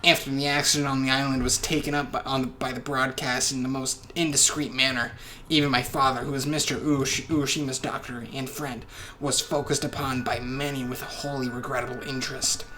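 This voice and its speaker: A man's voice: medium pitch, little pitch movement, fairly quick, bright, forceful tone, a little hiss or hum, lightly acted. A man voicing a resentful older male doctor in a goblin voice, stiff and formal, while reading a game aloud. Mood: bitter.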